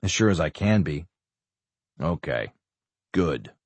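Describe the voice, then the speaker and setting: A man reading an audiobook, voicing a calm, calculating middle-aged official who speaks in a measured, businesslike way. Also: a bass voice, breathy edge, no echo, exaggerated voice. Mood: probing. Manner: measured, businesslike, quietly controlling.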